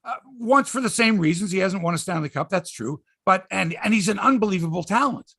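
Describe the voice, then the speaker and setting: Animated, high-voiced man. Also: fairly quick, vocal fry, slightly rough, no echo, clean studio sound. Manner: animated, excitable storytelling with swearing and impressions. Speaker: sports podcast host. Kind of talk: casual sports chat.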